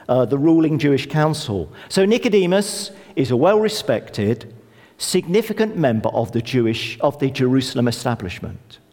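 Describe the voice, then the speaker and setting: A middle-aged man preaching a sermon in a conversational, lively way with touches of self-deprecating humour. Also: medium pitch. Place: church hall. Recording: long church reverb.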